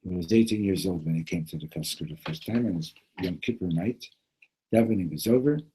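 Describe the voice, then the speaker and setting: Low husky-voiced man teaching a class. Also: rough recording. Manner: animated storyteller who acts out the voices. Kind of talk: Torah class with storytelling.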